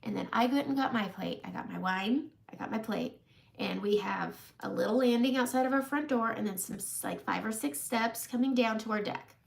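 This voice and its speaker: A woman's voice: a little high, brisk, creaky. A woman in her forties telling a long funny story on a makeup live stream, often laughing at herself. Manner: chatty, laughing, self-mocking storyteller. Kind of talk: casual storytelling chat.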